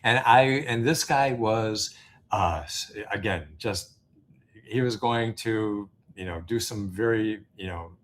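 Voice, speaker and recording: A man with a fairly low voice tells a story as an interview guest, casual and anecdotal. He stumbles through fillers and restarts but stays animated. A faint hum sits under the recording. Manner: halting, many fillers and restarts. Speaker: interview guest, business founder.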